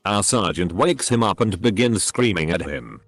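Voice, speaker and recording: A man's text-to-speech voice narrating online posts as scripted story readings, with odd phrasing and pauses. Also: low-pitched, lively intonation. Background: faint background music.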